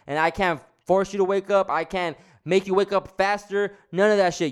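A man's voice: high voice, clear, resonant tone. A young man ranting heatedly in a casual monologue, swearing often and restarting his sentences. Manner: heated, profane, repetitive restarts. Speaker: vlogger.

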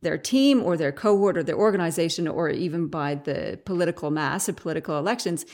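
Woman podcast host, slightly low voice, curious and chatty interviewer. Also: fairly quick, darkish tone. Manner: curious, chatty, thinking aloud.

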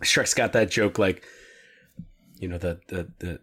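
A man's voice: deep voice, unhurried, long pauses, a bit bright, breathy edge. Rambling male podcast co-host. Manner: rambling, many restarts and fillers. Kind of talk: casual chat.

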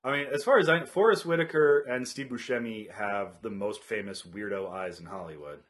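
A man co-hosting a podcast in casual chat, dry and quick with jokey asides. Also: on the low side, a bit bright. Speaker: podcast co-host.

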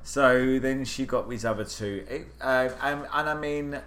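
A British man co-hosting a podcast, chatting casually and telling a story with lively acted quotes. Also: unhurried. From Britain. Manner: animated storytelling, jumps high on acted quotes. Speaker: podcast co-host. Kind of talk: casual chat.

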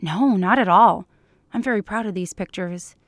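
A woman reading the part of a small, sensible woman agent in a fan fiction audiobook, brisk and a little defensive. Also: medium pitch, no echo, clean studio sound, lightly acted. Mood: guarded.

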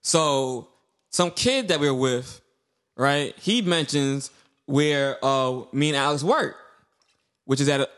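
A man's voice: mid-range voice, slow, pauses often. A young man, co-hosting a casual podcast chat, telling stories with slang and acted-out quotes. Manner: animated storyteller, slangy, acts out quotes. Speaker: podcast co-host.

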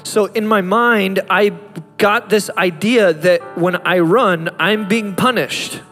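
A man's voice: sits high, slow, a bit bright. A man in his thirties, a pastor preaching a sermon with impassioned delivery that climbs to fervent peaks. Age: 30s. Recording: reverberant hall with music behind.

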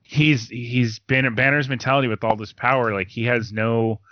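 A young man in casual chat as a podcast co-host, excitedly retelling scenes and swearing. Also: mid-range voice, moderate pace, no room sound. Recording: dull lo-fi sound.

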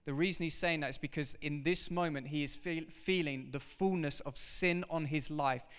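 A man preaching a sermon to his congregation, animated and emphatic, talking straight to the people in front of him. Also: a little high, normal speed, smooth. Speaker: pastor. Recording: reverberant hall.

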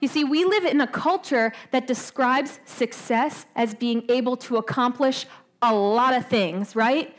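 High-voiced woman preaching conversationally. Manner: conversational, asks the audience questions, often adds "right?"; slows down for emphasis. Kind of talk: sermon.

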